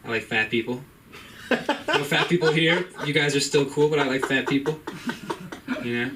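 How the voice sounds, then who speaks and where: A man's voice: on the high side, lively intonation, moderate pace. Young male comic, laid-back and rambling; captured from a distance with light club noise. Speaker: stand-up comic. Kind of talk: open-mic stand-up. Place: comedy club. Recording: distant mic, faint room noise.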